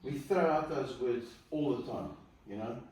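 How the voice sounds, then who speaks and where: Before the wedding, a man serving as celebrant gives the couple an earnest, coaching talk face to face. His mid-range voice moves at normal speed with a darkish tone, and the recording is echoey, faintly noisy and distantly miked.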